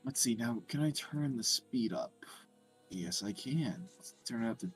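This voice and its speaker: A man's voice: medium pitch, big pitch swings, measured pace, faint music behind. A man from the American South, co-hosting a stream in an easygoing, chatty way and laughing often. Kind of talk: casual chat.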